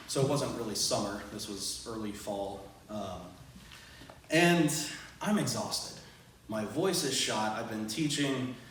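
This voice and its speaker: A man who is a teacher, telling a true personal story live on stage to an audience, animated and self-deprecating with frequent laughs. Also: medium pitch, slight background noise. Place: event venue with audience, large room. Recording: very echoey room, voice from far off.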